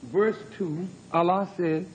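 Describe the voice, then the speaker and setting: A man's voice: high-pitched, slow pace, a little hiss or hum. A man in his fifties preaching a sermon in a church hall, dramatic, with mocking sing-song asides. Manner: dramatic preaching, mock-crooning quoted lovers. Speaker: minister.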